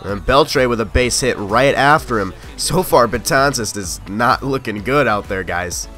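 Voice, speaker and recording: A young man giving live commentary on his own gameplay, excitable and quick to shout or grumble at the game. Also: medium pitch, faint music behind. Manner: excitable, yelling at the game, frustrated outbursts. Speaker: gaming YouTuber.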